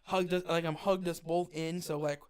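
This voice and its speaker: A man's voice: on the high side, level tone, moderate pace, clear, resonant tone. A young man, a podcast co-host, telling a firefighter training story in casual chat, acting out the others' voices and swearing freely.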